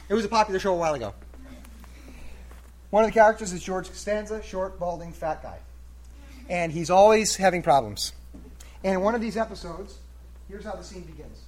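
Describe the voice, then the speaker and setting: Preacher, male, high voice, retells a story to a crowd and keeps asking them questions. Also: a little mellow. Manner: conversational, asks the audience questions. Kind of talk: storytelling sermon.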